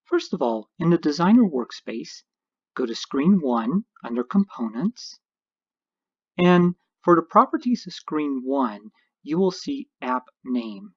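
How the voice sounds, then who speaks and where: A man's voice: on the high side, sing-song, unhurried, slightly rough, dry recording, highs cut off. A man narrating a screencast tutorial, explaining each step patiently as an instructor.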